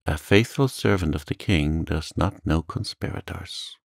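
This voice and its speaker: A man voicing a stern, proud magistrate in a calm audiobook reading, curt and commanding. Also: very deep voice, unhurried, vocal fry, no room sound, studio quality, heavily acted. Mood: stern, uneasy.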